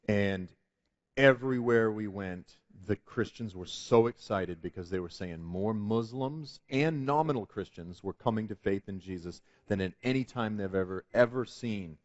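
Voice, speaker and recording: A man's voice: lowish voice, normal speed, no room sound, dull audio. A man telling a testimony story as a guest on a Christian talk show, earnest and building to emphatic preaching. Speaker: guest speaker.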